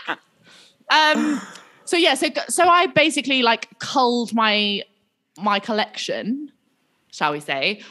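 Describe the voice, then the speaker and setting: Bawdy, jokey woman, bit high. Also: lively intonation, slow, long pauses, sharp tone. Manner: frank, bawdy, jokey, breaks into silly put-on quotes. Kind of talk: casual chat.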